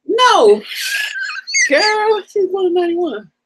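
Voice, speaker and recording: A woman co-hosting a casual live stream who breaks in with quick remarks and corrections. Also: extremely high pitch, very animated, heavy background noise. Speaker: channel co-host.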